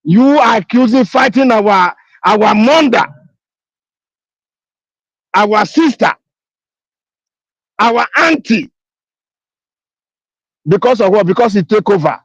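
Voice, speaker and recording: A woman's voice: mid-range voice, lively intonation, slow pace, long pauses, breathy edge, dry recording, dull audio. A woman, speaking emphatically in a live audio chat, repeating herself and pleading. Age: 50s. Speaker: caller on an audio space.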